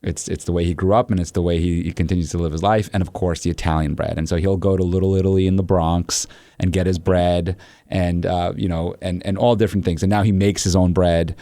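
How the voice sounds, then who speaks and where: A male podcast host with a deep voice talks fairly quickly in a casual storytelling chat, with no echo. He's an animated storyteller who acts out the funny quoted dialogue in his tales.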